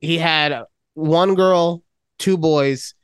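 A man co-hosting a casual podcast, telling a story in a profane and animated way. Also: a little high, extremely slow, smooth, no room sound, clean studio sound. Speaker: podcast co-host. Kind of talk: casual chat.

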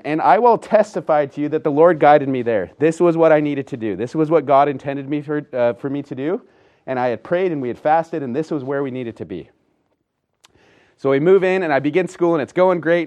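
A young man giving a personal faith testimony as a seminary teacher, telling his story casually and with animation, often dropping into quiet asides. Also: mid-range voice.

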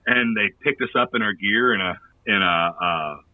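A man's voice: lowish voice, normal speed, no echo, far from the mic, phone-quality sound. A man who plays in a touring band telling a long, rambling anecdote in casual chat, laughing often and using lots of fillers.

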